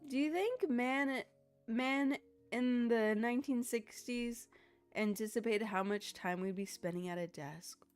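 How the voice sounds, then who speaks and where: A woman's voice: on the high side, unhurried, smooth, soft background music. A woman chatting casually with her viewers on a live stream, rambling from one thing to the next.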